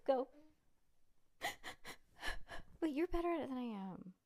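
A woman's voice: high-pitched, lively intonation, fast, warm tone, no room sound. A woman reading a chapter book aloud to her child at home, breaking off for playful, chatty asides.

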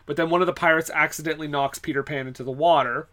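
A man with a bright, slightly high voice talks through a film recap in a casual podcast chat. He laughs often and fills his sentences with "uh" and "like". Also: steady tone, rapid-fire. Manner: laughs often, many fillers and restarts. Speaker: podcast co-host.

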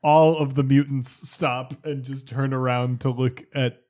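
A man's voice: medium pitch, little pitch movement, a little slow, darkish tone. Casual male game master, lots of "like" and "um". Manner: casual, filler-heavy. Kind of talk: narrating a tabletop game.

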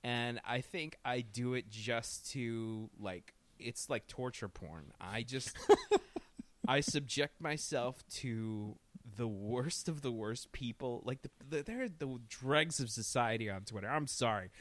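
A man co-hosting a casual podcast, telling stories in an animated, profane way. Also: mid-range voice, slow pace, no room sound. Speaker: podcast co-host.

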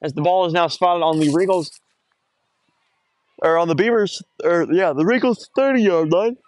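Young man, play-by-play announcer, outdoor game, phone mic, self-correcting, higher voice. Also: normal speed. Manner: rambling, self-correcting, rising excitement on big plays. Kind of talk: casual high school football commentary. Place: outdoors at a cold football game.

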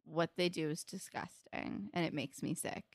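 A woman's voice: low-pitched, fairly even intonation, moderate pace, no room sound, studio quality. A young woman co-hosting a podcast, chatting casually as she recaps a TV episode with many fillers. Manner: chatty, filler-heavy, acts out quotes. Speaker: podcast co-host.

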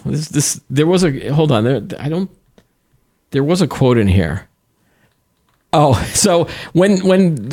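A man co-hosting a casual news podcast, his pitch sitting at an ordinary middle level. He talks in a loose, chatty way, reading quotes aloud and laughing easily. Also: a little mellow. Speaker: podcast co-host.

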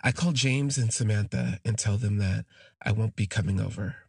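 Gravelly-voiced man telling a personal story. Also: fairly low pitch, moderate pace, darkish tone, no room sound, clean studio sound. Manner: rambling and heartfelt, many fillers and restarts. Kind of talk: casual spoken storytelling.

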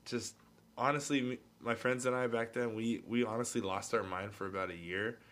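A man's voice: medium pitch, steady tone, normal speed, fairly bright tone. A man co-hosting a casual movie podcast, telling laid-back, slangy stories about his friends. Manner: laid-back storytelling, slangy, says dude a lot. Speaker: podcast co-host.

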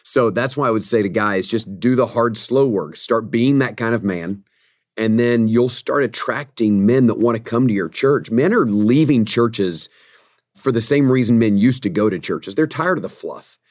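A man's voice: mid-range voice, normal speed, darkish tone, no room sound, studio quality. A man who is a pastor and author, speaking as a podcast guest in an earnest, preacherly way. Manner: earnest, preacherly, emphatic about conviction. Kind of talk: podcast interview conversation.

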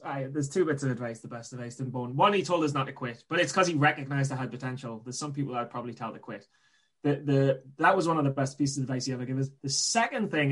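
Man, slightly high voice, casual emphatic podcast talk, trading coach. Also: a bit bright. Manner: emphatic, repetitive, rambling.

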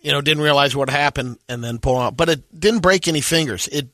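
A man's voice: a little high, a little fast, sharp tone, no room sound, studio quality. A man co-hosting a radio show, telling a short story in a laid-back, matter-of-fact way. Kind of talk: casual radio banter.

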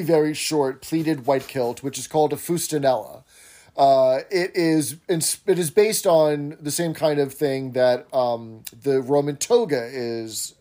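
A man's voice: medium pitch, mellow. A man co-hosting a podcast, chatting in detail as he recaps a sitcom episode. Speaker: podcast co-host.

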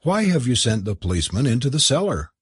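A man reading a novel aloud and voicing a prim, impatient young woman, with a husky voice. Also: mid-range voice, sing-song, quick pace, dry recording, studio quality, pitched above the performer's own voice. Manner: indignant, prim exclamations. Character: young well-bred woman, sharp and impatient. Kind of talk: audiobook character voice.

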